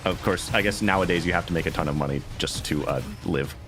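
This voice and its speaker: A man streaming a video game who rambles casually in an animated way, full of asides. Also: low-pitched, fast talker, music in the background. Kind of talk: casual gameplay commentary.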